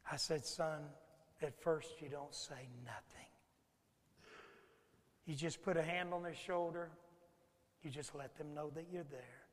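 A middle-aged man preaching a sermon in a church, moving between loud emphatic declarations and hushed, intimate passages. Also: fairly high pitch, unhurried, long pauses. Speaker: pastor. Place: church sanctuary. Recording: reverberant sanctuary sound.

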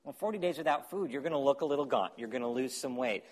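A man preaching a sermon as pastor, animated, acting out quotes and dropping to quiet asides. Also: mid-range voice, quick pace.

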